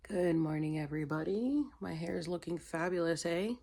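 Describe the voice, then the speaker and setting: A tired, weepy young woman talks to her phone camera at arm's length. Her voice sits fairly low, and she rambles, rushing when a story takes over. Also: warm tone. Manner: emotional, rambling, fast when telling a story. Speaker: vlogger. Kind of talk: casual vlog.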